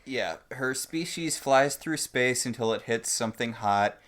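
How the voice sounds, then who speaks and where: A man's voice: medium pitch, unhurried, a bit bright. A man co-hosting a podcast, adding wry commentary in casual chat. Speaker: podcast co-host.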